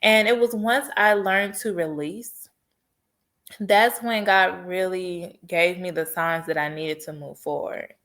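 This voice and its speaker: A woman's voice: lowish voice, fairly even intonation, takes it slowly, fairly bright tone. Earnest woman sharing a heartfelt testimony. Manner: earnest, heartfelt storytelling with faith encouragement. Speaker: podcast host. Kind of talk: personal testimony monologue.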